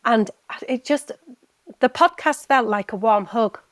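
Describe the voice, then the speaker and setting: A woman's voice: a little high, no room sound. A woman guest on a podcast, telling her personal story candidly and earnestly, often stopping and restarting her sentences. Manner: earnest, halting with frequent restarts. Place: podcast recording.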